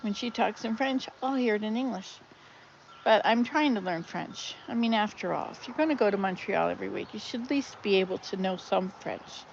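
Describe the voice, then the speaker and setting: This is a casual live-stream from a woman vlogger sitting out in her garden among wind chimes, captured on her phone. Her mid-range voice is a little fast and creaky as she rambles, chats, and laughs at herself. The sound is lo-fi with slight background noise.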